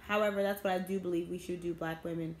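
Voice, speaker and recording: A woman's voice: on the low side, steady tone, quick pace, a little mellow. Indignant woman ranting, echoey room. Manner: indignant, bitter, addresses viewers directly. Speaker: vlogger. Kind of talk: ranting opinion vlog. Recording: echoey room, faint background noise.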